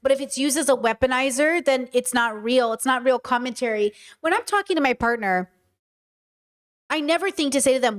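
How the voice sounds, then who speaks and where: A woman's voice: sits high, quick pace. A woman hosting a podcast, reacting to clips with emphatic casual commentary and repeating words for effect.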